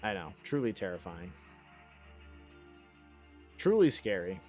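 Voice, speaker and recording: A man's voice: low-pitched, big pitch swings, slow, darkish tone, faint music behind. A man chatting casually while streaming a game, sarcastic and mock-boastful, swearing and thinking aloud. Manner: sarcastic mock-bragging, self-deprecating. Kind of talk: casual live-stream chat while gaming.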